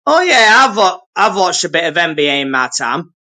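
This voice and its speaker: A man's voice: high voice, very animated, normal speed, bright, forceful tone. A man guest on a live stream, chatting in an easygoing, hesitant way with lots of ums and uhs. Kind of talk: casual chat on a live stream.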